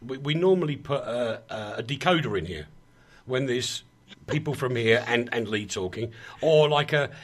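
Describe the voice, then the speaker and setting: A man's voice: medium pitch, animated, normal speed. A man with a Cockney accent hosting a radio chat show, bantering and joking. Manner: jokey, laughing, bantering.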